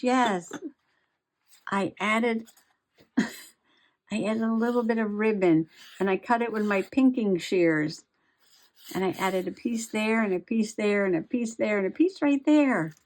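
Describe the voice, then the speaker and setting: A woman's voice: medium pitch, a little mellow. A middle-aged woman chatting casually to herself while journaling and crafting, giggling often as she goes. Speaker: journaling vlogger.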